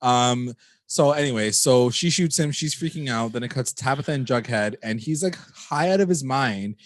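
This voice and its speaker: A man at the usual middle of male pitch, chatting animatedly about a TV episode and swearing freely. He acts out the characters' lines as he goes. The sound is dry and close, with no room echo. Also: normal speed. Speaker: podcast co-host. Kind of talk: casual TV recap chat.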